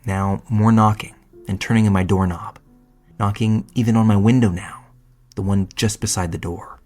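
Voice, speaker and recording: Low-voiced man narrating a horror story. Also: fairly even intonation, moderate pace, a little mellow, faint music behind. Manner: casual, profane first-person storytelling.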